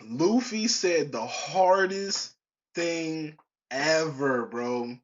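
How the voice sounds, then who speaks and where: A man's voice: fairly high pitch, animated, drawn-out words, highs cut off. A young man hosting his own podcast in a casual, rambling way, full of slang and restarts. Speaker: podcast host. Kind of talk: casual solo podcast chat.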